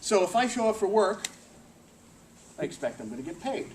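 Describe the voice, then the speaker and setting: In a meeting room, a man delivers a workplace presentation at normal speed, lively and joking as he throws questions to the audience. His voice is slightly high for a man and is picked up by a distant mic, with a faint hiss underneath.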